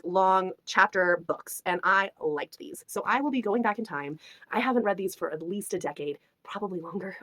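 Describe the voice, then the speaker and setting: A young woman ranting in a book review vlog, animated and exasperated, swinging between loud outbursts and whispers. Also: mid-range voice, no echo. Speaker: book vlogger.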